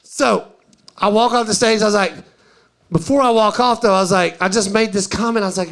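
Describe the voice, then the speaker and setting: A male stand-up comedian telling a story live, chatty and animated, acting out the dialogue. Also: high-pitched, a little fast.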